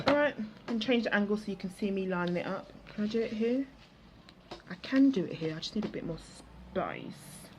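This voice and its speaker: A woman's voice: fairly low pitch, noisy background. A woman chatting to her viewers while she crafts, with self-mocking asides. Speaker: craft vlogger. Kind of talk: casual chatty crafting vlog. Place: outdoors at a table.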